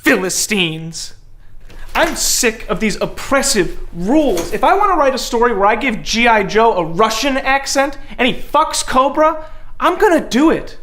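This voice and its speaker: A man's voice: extremely high pitch, big pitch swings, unhurried, bright, forceful tone. Earnest man reading his story aloud. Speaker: sketch comedy performer.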